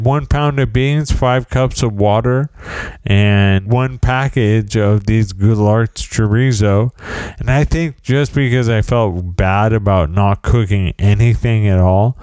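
A man's voice: fairly low pitch, a little mellow, smooth, no room sound. A middle-aged man hosting a podcast, telling rambling, self-deprecating stories in a casual solo monologue. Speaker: podcast host.

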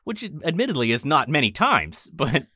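A man from Maine chatting casually as a podcast guest, quick and joking, with a habit of swearing. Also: a little high, big pitch swings, bright, forceful tone, husky, no room sound, studio quality. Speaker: podcast guest, audio editor. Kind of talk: casual chat.

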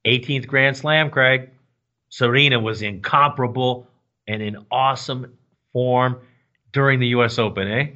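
A man's voice: medium pitch, steady tone, unhurried, bright, forceful tone, highs cut off. A man hosting a tennis podcast in a casual, enthusiastic, rambling way from a small studio. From United States. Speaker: podcast host. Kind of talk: casual sports chat. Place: small library recording studio.

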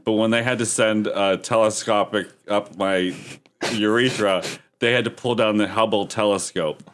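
A man's voice: fairly low pitch, fairly even intonation, normal speed, a bit bright, a little hiss or hum. A man co-hosting a podcast, joking crudely and teasing in casual chat.

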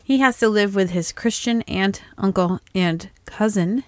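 A woman's voice: medium pitch, measured pace, no room sound. An American woman co-hosting a podcast, matter-of-fact and teasing in casual chat. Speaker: podcast co-host.

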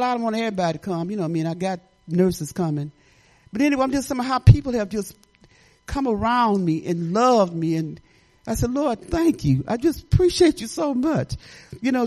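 A woman's voice: fairly high pitch, darkish tone. An older woman giving a rambling, chatty testimony at church, often laughing and restarting her sentences.

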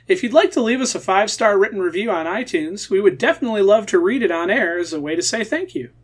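Deadpan male podcast co-host. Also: high-pitched, quick pace. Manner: dry, deadpan quips. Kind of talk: casual podcast chat.

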